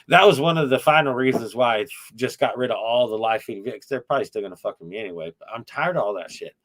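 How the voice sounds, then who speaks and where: A middle-aged man hosting a casual podcast chat, telling rambling, profane, wry stories about his YouTube channel. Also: fairly low pitch.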